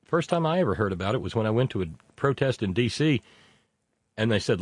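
A man's voice: lowish voice, expressive, fast, no echo, studio quality. A man hosting a casual political talk show, reading out listener messages in a rambling, sardonic way with many fillers.

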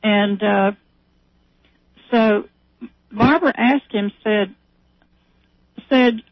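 A woman's voice: medium pitch, very slow, no echo. A woman on a call, chatting casually and retelling a story with many fillers and restarts. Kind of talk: casual chat. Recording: tinny phone line.

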